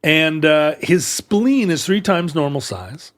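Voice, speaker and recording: A man's voice: a little high, expressive, slow, a bit bright, no room sound. Man, podcast co-host, casual storytelling, jokey asides, dry close sound. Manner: rambling, jokey, playful asides. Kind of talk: casual comedic podcast chat.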